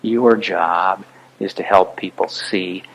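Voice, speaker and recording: A man's voice: deep voice, steady tone, slow, a bit bright, a little hiss or hum, low-quality recording. A man giving an earnest, emphatic public talk to an audience as an author and speaker.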